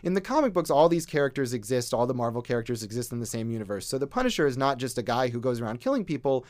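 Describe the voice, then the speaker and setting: A man's voice: mid-range voice, big pitch swings, very fast, a little mellow, dry recording. Male co-host reviewing movies, wry and rambling, dry close sound. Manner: wry, rambling, many fillers. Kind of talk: casual movie review chat.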